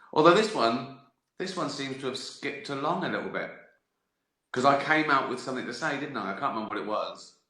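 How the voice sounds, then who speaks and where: In an echoey room, a mid-range, sharp-toned comedian chats casually with livestream viewers. He jumps from gag to gag, swearing openly and laughing at himself.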